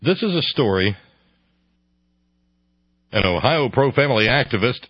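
A man's voice: mid-range voice, expressive, measured pace, long pauses, slightly rough, no room sound, dull audio. A man hosting a radio talk show, giving sarcastic, incredulous commentary into a close mic.

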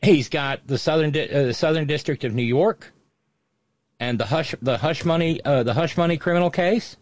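A man co-hosting a political talk show, measured and wry, with frequent stammering restarts. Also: fairly high pitch, no room sound. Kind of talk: casual political commentary.

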